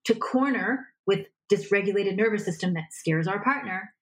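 A woman relationship coach talking in a conversation, animated and acting out little example dialogues. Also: mid-range voice, normal speed, poor audio.

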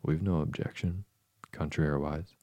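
A man's voice: extremely low pitch, fairly even intonation, normal speed, mellow, no room sound, dull audio. A man voicing a smug, contrary little storybook twin who speaks with contempt.

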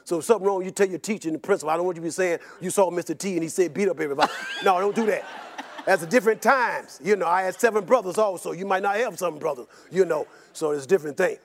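Older male guest, high voice, rapid animated rambling storyteller. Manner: animated and rambling, repeats words, laughs often. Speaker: interview guest. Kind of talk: personal storytelling in an interview.

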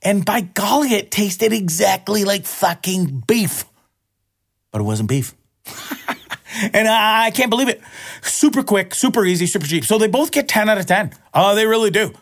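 A man ranting casually to his viewers. He rambles, repeats words and swears often. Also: normal speed. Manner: excitable, jumps up in pitch when worked up. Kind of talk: casual profane rant to camera.

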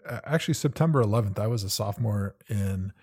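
A man with a fairly low voice talks in a relaxed, reflective way. He recalls memories and asks his co-host measured questions. He is in his thirties and co-hosting a podcast. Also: husky. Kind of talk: casual conversation.

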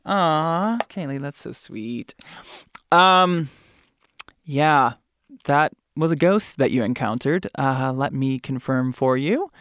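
A man hosting a podcast in a casual, campy and chatty way, often jumping up into high squeals. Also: lively intonation, slow, fairly bright tone, dry recording, studio quality. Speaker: podcast host.

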